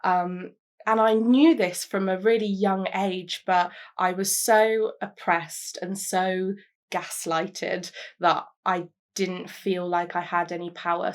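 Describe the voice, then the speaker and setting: Candid young woman, reflective. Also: lowish voice. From London, England. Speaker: interviewee. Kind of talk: personal testimony to camera.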